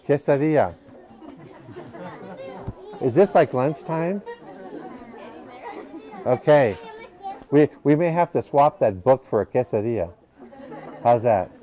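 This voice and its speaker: A man's voice: mid-range voice, expressive, takes it slowly, long pauses, mellow, some chatter behind. A man reading a picture book to children at a library, patiently asking the children questions as he goes. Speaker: library storytime reader.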